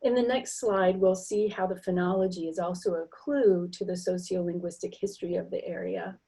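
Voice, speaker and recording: Middle-aged woman, mellow and slightly husky; explanatory lecturer who voices example sounds. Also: medium pitch, poor audio. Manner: explanatory, demonstrates sounds aloud, frequent fillers. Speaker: linguistics lecturer. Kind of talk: recorded library lecture with slides.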